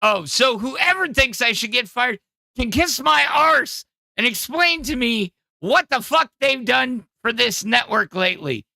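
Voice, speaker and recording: A man voicing a brash, aggressive male podcast host who boasts and shouts in a fake Welsh accent. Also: extremely high pitch, lively intonation, unhurried, creaky, no room sound, voice pushed up, heavily acted. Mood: boastful.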